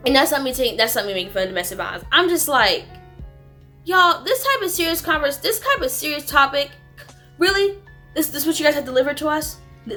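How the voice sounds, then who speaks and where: A woman's voice: high-pitched, lively intonation, normal speed, bright, forceful tone. A woman reviewing a movie in a casual, rambling way, with lots of "like". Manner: rambling, frequent "like". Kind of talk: casual chat. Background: music.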